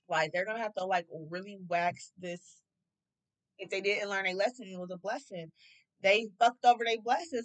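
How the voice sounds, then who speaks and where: A woman's voice: medium pitch, poor audio. A young woman doing a casual tarot reading, loose and profane, laughing often. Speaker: tarot reader.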